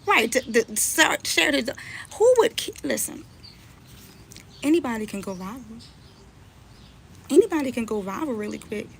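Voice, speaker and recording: A woman's voice: fairly high pitch, expressive, moderate pace, vocal fry, pauses often, slight background noise. A woman blogger and mother ranting on a live stream, scolding and confronting someone she is talking about. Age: adult, mother.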